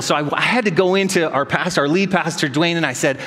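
Pastor preaching in a reverberant hall. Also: male voice, on the high side, fast talker, hardly any pauses. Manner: storytelling, self-deprecating, animated quoted voices. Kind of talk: sermon.

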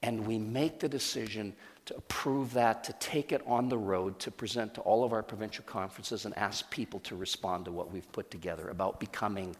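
A man's voice: on the low side, brisk. Man, church leader giving a testimony sermon, earnest and storytelling, voice ringing in a big reverberant hall. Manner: earnest storytelling with many restarts.

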